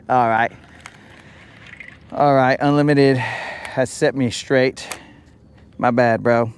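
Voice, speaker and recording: A fishing livestreamer talks from a boat on a lake in a mid-range voice with fairly even intonation, speaking slowly and pausing often. He jokes with his audience, teases them, and mumbles to himself while fishing, over a bit of hiss or hum.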